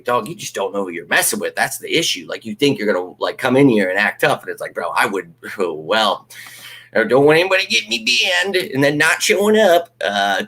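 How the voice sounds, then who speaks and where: A man's voice: fairly low pitch, husky. A man hosting a live fan stream, ranting casually, swearing freely and mocking critics. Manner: animated, ranting, swears freely, mocks critics in put-on voices.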